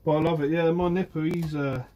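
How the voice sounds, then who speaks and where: A man's voice: a little high, fairly even intonation, a little fast, dark tone, lo-fi sound. A young man from Guernsey, a fisherman chatting casually on a phone live stream and answering viewers by name. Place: outdoors by the shore.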